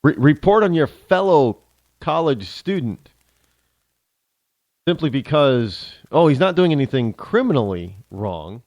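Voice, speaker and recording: Animated, sarcastic male talk show host. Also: medium pitch, measured pace, no room sound. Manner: sarcastic, animated, ranting with mock voices. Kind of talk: opinion monologue.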